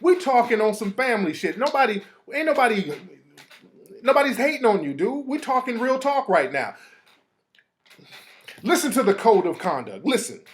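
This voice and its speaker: A man hosting his own show, talking off the cuff in a heated, profane rant. His pitch jumps around a lot as he reacts to the messages he reads out. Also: big pitch swings, normal speed, long pauses. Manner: profane, heated, reading texts aloud. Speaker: show host. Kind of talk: casual live rant.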